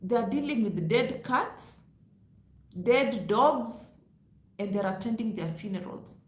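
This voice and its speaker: Loud, emphatic woman vlogging. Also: on the high side, lively intonation, slow, roomy sound. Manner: loud, emphatic, lecturing with laughs. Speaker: travel vlogger. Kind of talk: direct-to-camera advice vlog.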